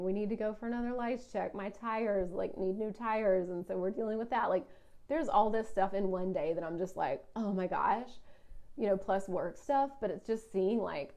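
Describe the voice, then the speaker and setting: A woman's voice: medium pitch, mellow. A woman, a business coach talking through a casual solo podcast monologue. She is chatty and fills her talk with "like". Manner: chatty, heavy use of "like", puts on a whiny voice for complaints.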